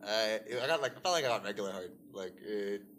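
Low, lively young man chiming in. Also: fast, a little hiss or hum. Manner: eager backchanneling, teasing follow-up questions. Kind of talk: casual chat.

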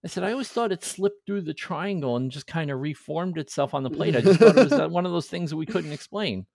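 A man in his forties hosting a podcast in casual chat, an animated storyteller who acts out the voices of people in his stories. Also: on the high side, fast talker, gravelly. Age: 40s. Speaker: podcast host.

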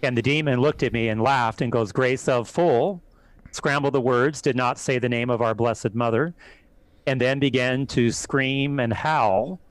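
A man, a priest, calmly recounting events as an interview guest in a measured way. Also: medium pitch, no echo, low-quality recording. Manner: calm, measured retelling. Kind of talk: interview storytelling.

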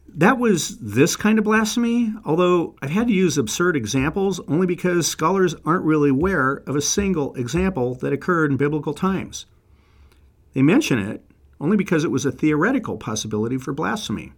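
A man's voice: fairly high pitch, lively intonation, brisk. A man narrating a scripted lecture on biblical history, reading quotes aloud and adding wry asides.

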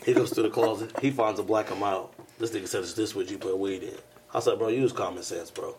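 A young man on a podcast telling a story in casual chat, acting out the dialogue with sudden jumps into a louder, higher voice. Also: fast, a little hiss or hum. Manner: animated storyteller who acts out dialogue in bursts of louder, higher voice. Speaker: podcast co-host.

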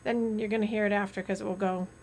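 A woman's voice: medium pitch, little pitch movement, fast, a little mellow. A woman hosting a casual live stream, chatty and rambling, often laughing.

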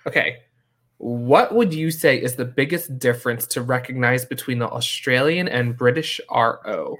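A man hosts a casual podcast interview, reading questions off a list in a relaxed way. His voice sits in a plain middle pitch. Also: moderate pace. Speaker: podcast host.

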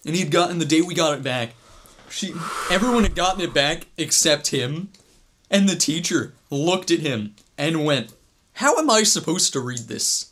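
A man's voice: fairly high pitch, lively intonation, moderate pace, a bit bright, a little hiss or hum. A young man hosting a podcast in casual, playful chat, telling stories and laughing often. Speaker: podcast host.

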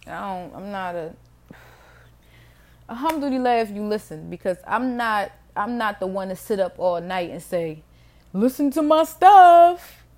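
A middle-aged woman speaks at normal speed in a mid-range voice, hosting her podcast solo. Talking to herself in a loose, candid ramble, she swears openly and laughs frequently.

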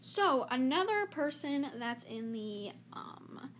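A chatty young woman recapping a film in casual talk with a friend, her voice sitting high. She fills her sentences with "like" and laughs between remarks. There is a faint hiss of background noise. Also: big pitch swings, takes it slowly. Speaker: podcast co-host. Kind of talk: casual chat about a movie.

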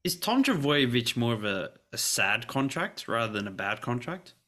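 A man's voice: medium pitch, sing-song, moderate pace, sharp tone. A man who is a guest on a sports podcast, chatting casually, reading out contract figures, and laughing easily.

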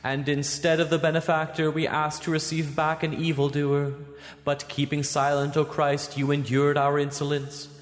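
A man reading and chanting liturgical prayers as a church reader, in a steady, even intoning voice. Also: on the high side, moderate pace. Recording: long church reverb.

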